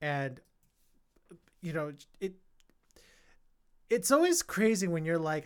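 A man hosting a casual film review podcast, eager and animated. His passion builds as he talks, and at times it spills over into loud, excited exclamations. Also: fairly high pitch, slow pace, pauses often, smooth. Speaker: podcast host.

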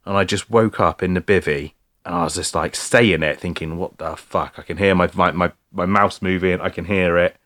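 A man with a very low voice tells a story in a relaxed chat. He rambles, restarts, and leans on "like" and "mate" throughout. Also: brisk. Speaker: podcast co-host telling a story. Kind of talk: casual chat.

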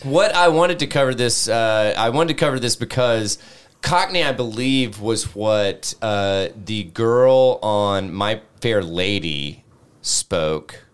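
A man co-hosting a podcast in casual, animated chat, swearing freely and laughing often. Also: fairly low pitch, slow pace, clean tone. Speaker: podcast co-host.

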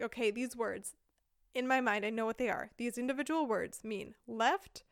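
A woman in her thirties, originally from the United States, tells a casual anecdote as a podcast guest. She laughs often as she goes, in a fairly high, smooth and clear voice. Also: normal speed, no room sound, studio quality. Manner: lively storyteller, laughs often.

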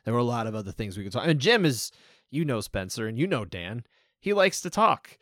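A man's voice: mid-range voice, big pitch swings, brisk, a bit bright, no echo, clean studio sound. A man co-hosting a podcast, telling anecdotes in a chatty, casual way. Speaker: podcast co-host.

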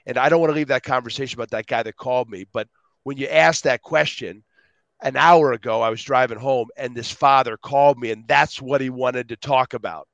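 A middle-aged man, a guest on an interview show, telling stories in an animated, rambling way. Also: medium pitch, fairly quick, creaky, no room sound, muffled recording. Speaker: guest speaker. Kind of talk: casual interview storytelling.

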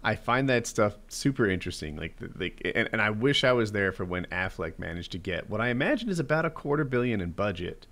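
Brief: man with an animated, swooping voice, musing and asking others to agree, on a video call. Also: lowish voice, fast talker, hardly any pauses. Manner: curious, speculative, hedges with "like" and "right?". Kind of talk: casual chat.

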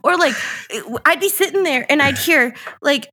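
A woman's voice: high voice, lively intonation, moderate pace, pushed and bright. A young woman co-hosting a podcast, telling blunt, profane stories in casual chat. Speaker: podcast co-host.

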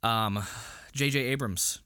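A man's voice: medium pitch, slow, sharp tone, clear, resonant tone, no echo, studio quality. A man co-hosting a show review podcast, chatting casually, laughing easily and dropping short agreeing replies. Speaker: podcast co-host. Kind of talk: casual chat.

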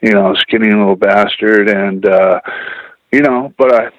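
A man's voice: lowish voice, fairly even intonation, unhurried, a bit bright, dry recording. A man telling personal stories in a rambling, profane, casual way, full of "you know"s. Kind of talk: casual storytelling. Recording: dull lo-fi radio sound.

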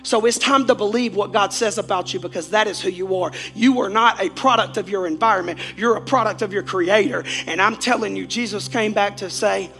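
A man preaching a Sunday sermon as pastor, animated and swinging between shouted lines and quiet asides. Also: high voice, fairly quick, gravelly, hardly any pauses, soft background music.

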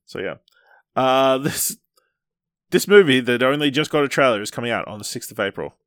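A man hosting a film podcast, reading out trailer details and chatting in a steady way. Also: medium pitch, fairly quick, smooth, dry recording, studio quality. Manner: steady, reads listings, laughs easily. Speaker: podcast host.

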